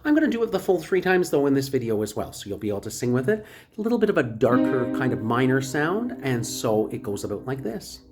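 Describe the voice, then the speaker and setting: A woman teaching a recorded voice lesson, explaining exercises and practice steps in a clear, instructive way. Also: rumbling low, sing-song, quick pace, hardly any pauses, over loud music.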